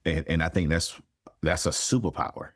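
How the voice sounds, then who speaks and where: A man with a very low voice talks candidly and freely swears in a relaxed interview. He slips into animated quoted voices now and then. The sound is dry and close. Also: normal speed, slightly rough, dry recording. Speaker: podcast guest, therapist. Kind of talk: casual conversation.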